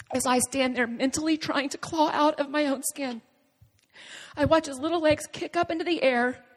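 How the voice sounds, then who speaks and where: High-voiced woman giving an earnest testimony. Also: big-room sound. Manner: halting, earnest retelling with dramatic pauses. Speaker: speaker sharing a personal testimony. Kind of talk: emotional spoken testimony.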